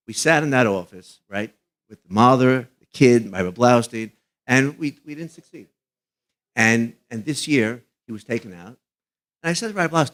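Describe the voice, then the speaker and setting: A middle-aged man, a rabbi, telling emphatic stories as a guest at a live fundraiser, his voice dropping low on the sad moments. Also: normal speed, a bit bright. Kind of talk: live fundraiser broadcast chat.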